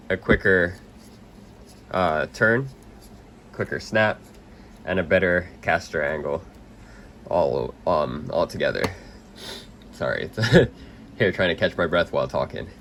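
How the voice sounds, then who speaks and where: A young man under the weather, casually walking through a hands-on setup at a workbench with lots of ums and throat clearing. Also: low voice, a little hiss or hum. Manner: relaxed, rambling with many ums, clears throat. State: under the weather, slightly hoarse. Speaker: RC hobby video host.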